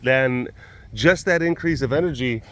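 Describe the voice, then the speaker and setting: A man's voice: mid-range voice, moderate pace, a bit bright, a little hiss or hum. A man hosting a casual walk-around vlog at an animal facility, rambling playfully and chatting to the animals. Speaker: animal keeper vlogger. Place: outdoors at a rural animal facility.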